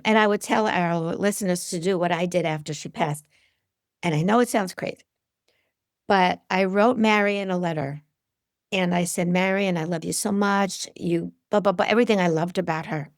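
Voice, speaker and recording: Middle-aged woman, medium being interviewed; gravelly, dry close sound; animated storyteller. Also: no room sound. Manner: animated storyteller, acts out quotes with big pitch jumps.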